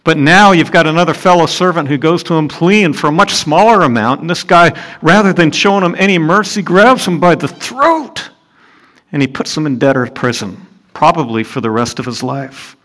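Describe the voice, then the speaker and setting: A man preaching a sermon and explaining scripture, earnest, asking his listeners rhetorical questions and rising in pitch and volume for emphasis. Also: fairly quick, fairly bright tone.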